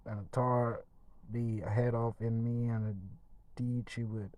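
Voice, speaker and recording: A man's voice: mid-range voice, little pitch movement, slow, darkish tone, natural voice, rough recording. A man voicing a timid young boy servant who hesitantly refuses, afraid of his mistress, as a storybook read aloud.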